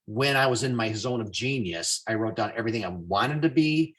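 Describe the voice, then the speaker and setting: A man hosting a business call, telling stories in a casual, animated way. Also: mid-range voice, brisk. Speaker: host.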